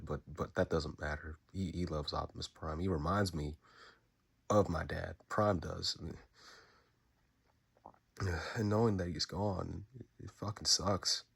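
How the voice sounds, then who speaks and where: A tearful man with a low, deep voice talks straight to the camera, fighting back tears. He halts and restarts his sentences, repeats words and swears casually. The monologue is unscripted. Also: gravelly, fairly bright tone, breathy edge. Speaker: fan recording a tribute message.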